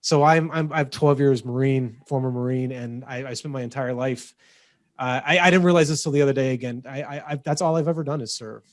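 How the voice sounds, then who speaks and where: A man co-hosting a podcast, talking in energetic, quick bursts with lots of restarts. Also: mid-range voice, dry recording, clean studio sound. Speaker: podcast co-host. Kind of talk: casual podcast chat.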